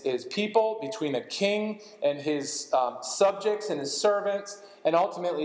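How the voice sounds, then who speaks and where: Man preaching in an echoey hall. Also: fairly high pitch. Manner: expository, reading scripture aloud with asides. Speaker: pastor. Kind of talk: sermon.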